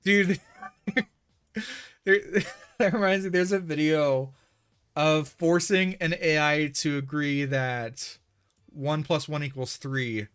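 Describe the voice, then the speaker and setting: A man streaming a video game live, chatting casually in a rambling, excitable way with frequent restarts. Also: on the high side, slow, pauses often, clear, resonant tone. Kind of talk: casual livestream chat while gaming.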